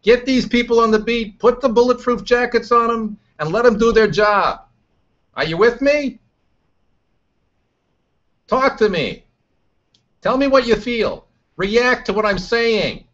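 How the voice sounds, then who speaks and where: A man putting on a brash, high-pitched male mayoral candidate with a New Jersey accent, barking stump-speech promises at the crowd. The voice is pushed well above a normal speaking range and comes through a dull, lo-fi stream recording. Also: a little slow, long pauses, fairly bright tone. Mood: blustering. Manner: campaign-speech bluster, hectoring the crowd.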